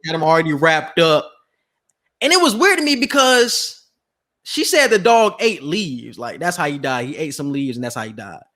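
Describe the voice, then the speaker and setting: A man co-hosting a podcast, talking in a slangy, animated way and acting out quotes in casual chat. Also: a little high, normal speed. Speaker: podcast co-host.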